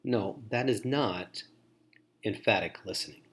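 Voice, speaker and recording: A man's voice: on the low side, unhurried, a bit bright. A man giving a training lecture on listening to foster parents, repeating key phrases and acting out example remarks.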